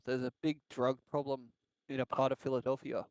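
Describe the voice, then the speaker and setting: A man chatting with a friend over voice chat, often breaking into laughter and quick reactions. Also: mid-range voice, level tone, clear, resonant tone, no room sound, poor audio. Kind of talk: casual chat.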